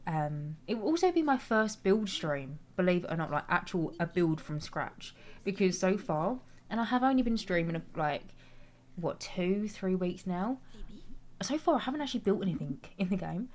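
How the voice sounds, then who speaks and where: A woman's voice: lowish voice, expressive, moderate pace, a little mellow. A young British woman chatting casually on a game stream, reading chat aloud and answering with some swearing.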